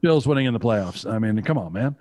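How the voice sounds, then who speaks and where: A man's voice: lowish voice, lively intonation, a little fast, a little mellow, no room sound. Male poker stream co-host, brash and jokey, salty banter, dry mic. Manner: brash, joking, swears freely. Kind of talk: casual banter commentary.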